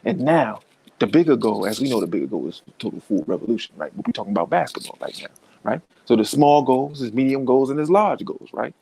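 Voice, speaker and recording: A man's voice: medium pitch, animated, fast, gravelly, dark tone, husky. A man hosting a podcast, giving a profane, heated, comedic rant. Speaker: podcast host.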